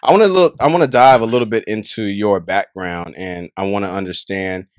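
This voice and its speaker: A man hosting an interview, rambling warmly through his questions with lots of fillers. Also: fairly low pitch, fairly quick, dry recording, clean studio sound. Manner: rambling, repeats filler phrases. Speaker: podcast host. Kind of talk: casual interview.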